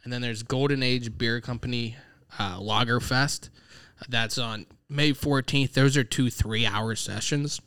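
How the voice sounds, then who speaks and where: A man's voice: medium pitch, fairly even intonation, a little slow, a bit bright, clean tone, no echo. A man from Pittsburgh hosting a loose, casual chat and laughing easily. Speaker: podcast host.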